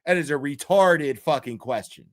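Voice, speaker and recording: A man's voice: on the high side, normal speed, no room sound, studio quality. A man giving a profane, exasperated reaction commentary, reading posts aloud and mocking them. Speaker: commentary streamer.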